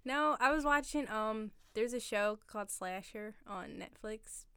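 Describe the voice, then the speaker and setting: A woman's voice: on the high side, a little slow, fairly bright tone, smooth, no room sound, clean studio sound. A young woman guest on a podcast, chatting casually and saying "like" a lot. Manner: laid-back, lots of "like" fillers. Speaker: barista guest. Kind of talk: casual chat.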